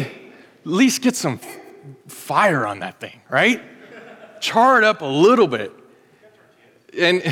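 With a long reverb carrying his words through the sanctuary, a fortysomething pastor delivers his sermon in a fairly high voice. He's lively and playful, speaking to the congregation as if in conversation.

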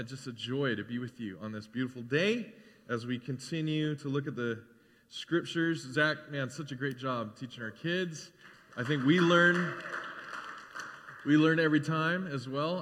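Casual, bright-voiced male pastor in a reverberant church. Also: medium pitch. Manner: casual, conversational, with filler words and animated asides. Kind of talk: sermon. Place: church sanctuary.

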